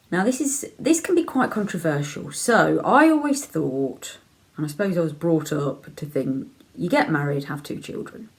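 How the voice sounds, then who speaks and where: A middle-aged woman from Leicester, speaking with that local accent in a low voice. She chats openly and casually to camera while answering viewer questions, filling her pauses with ums and laughing easily. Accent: Leicester English. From England (Leicester). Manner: chatty, frank, laughs easily, many ums. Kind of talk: casual chat.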